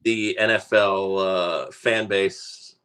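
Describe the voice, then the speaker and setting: A man's voice: deep voice, slow pace, smooth. A man co-hosting a sports talk show, chatting casually and rambling with plenty of fillers. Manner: relaxed, rambling, frequent "uh" and "so". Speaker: radio show co-host.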